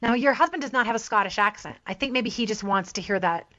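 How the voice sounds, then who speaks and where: A woman's voice: fairly high pitch, quick pace, bright, forceful tone, highs cut off. Woman host asking friendly questions. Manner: friendly, lightly laughing questions. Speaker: interview host. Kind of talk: casual interview.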